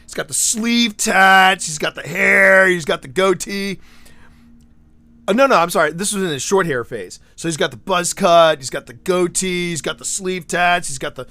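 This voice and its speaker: A man's voice: high voice, normal speed, no room sound. A man streaming live, chatting casually and telling stories with lots of restarts and asides. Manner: animated storyteller, rambling with restarts. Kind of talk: casual livestream chat.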